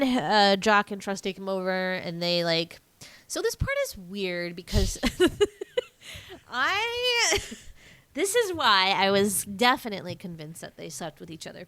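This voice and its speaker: A woman's voice: mid-range voice, bright, forceful tone, dry recording. A woman hosting a podcast, chatting casually and swearing freely as she retells a film, often laughing and using lots of fillers. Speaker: podcast host.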